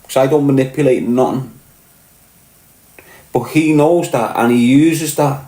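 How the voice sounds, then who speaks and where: A man's voice: mid-range voice, measured pace, mellow, roomy sound. A man with a Scouse accent talking bluntly and with swearing in a casual monologue, often asking if the listener gets what he's saying. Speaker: podcast host.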